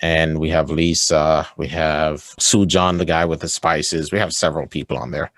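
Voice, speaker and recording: A man's voice: very deep voice, level tone, normal speed, no echo. A man speaking as a guest on an interview podcast, enthusiastic, laughing often and tagging his points with "right?". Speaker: guest, sales coach. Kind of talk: casual interview chat.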